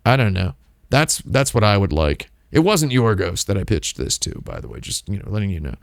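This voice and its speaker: A man's voice: on the low side, big pitch swings, fairly quick, vocal fry, no room sound, clean studio sound. A man hosting a casual livestream, rambling and wry, often breaking off and restarting his sentences. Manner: rambling, self-interrupting, wry asides. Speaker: streamer host.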